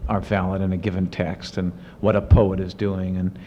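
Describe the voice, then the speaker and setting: A man, an author and professor, answering audience questions in lively storytelling with many restarts and fillers. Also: deep voice, normal speed, long reverb tail, slight background noise. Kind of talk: casual spoken Q&A. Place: university lecture event. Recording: muffled 1970s archive recording.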